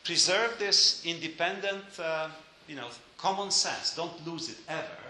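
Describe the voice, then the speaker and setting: A man's voice: fairly high pitch, unhurried, pushed and bright, echoey room, a little hiss or hum, rough recording. A man giving a lecture, hesitant with many fillers and dry joking asides.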